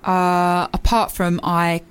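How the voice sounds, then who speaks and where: A woman's voice: lowish voice, completely flat delivery, slow, clean tone. A woman hosting a radio show, playful and self-mocking, now and then breaking into song. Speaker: radio host. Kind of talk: casual radio banter.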